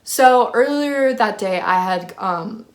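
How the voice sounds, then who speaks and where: A woman's voice: mid-range voice, animated, slow. A young woman casually telling a roommate story to her channel, chatty with lots of fillers and an exasperated tone.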